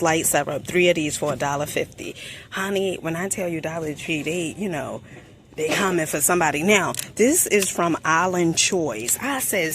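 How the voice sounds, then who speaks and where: A woman from New Jersey chatting through a store haul vlog, sassy and quick with asides, calling viewers honey. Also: lowish voice, a little hiss or hum. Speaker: shopping haul vlogger. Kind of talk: casual product review vlog. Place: inside a store.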